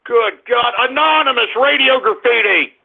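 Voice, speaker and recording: A man hosting a radio show in a profane, combative rant, yelling in bursts. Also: extremely high pitch, moderate pace, gravelly. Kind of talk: ranting call-in radio monologue. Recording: lo-fi phone-like radio audio.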